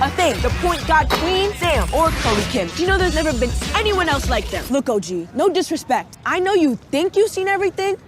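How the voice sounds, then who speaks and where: Woman as cocky young rapper, high animated voice, loud music behind. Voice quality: rhythmic rapping delivery. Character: cocky young woman challenging an old-timer. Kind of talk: ad rap played on a podcast. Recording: music bed in an ad clip.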